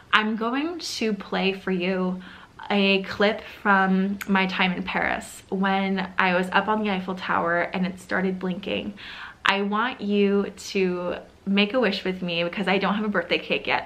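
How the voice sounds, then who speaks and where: A woman's voice: medium pitch, fairly even intonation, moderate pace, fairly bright tone. Woman vlogger, mid-range voice, motivational and encouraging. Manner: earnest, encouraging, direct to viewer. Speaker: lifestyle vlogger. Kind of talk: motivational vlog talk.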